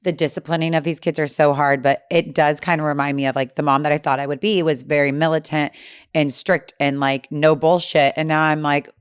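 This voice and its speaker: A woman's voice: low voice, little pitch movement, a little fast, clear, resonant tone, no room sound, clean studio sound. A young woman co-hosting a podcast, talking casually and candidly about motherhood, with lots of "like" fillers. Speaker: podcast co-host. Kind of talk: casual chat.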